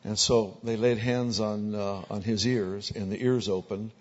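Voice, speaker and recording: A man preaching as a pastor, telling anecdotal stories in a sermon and growing louder and more excited as they build. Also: lowish voice, a little slow. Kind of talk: sermon storytelling. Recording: dull lo-fi recording.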